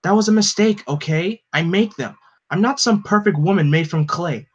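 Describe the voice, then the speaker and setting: A man's voice: high-pitched, normal speed, pitched above the performer's own voice. A man voicing a defiant teenage superhero girl who snaps back bitterly and defensively. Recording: dull lo-fi recording.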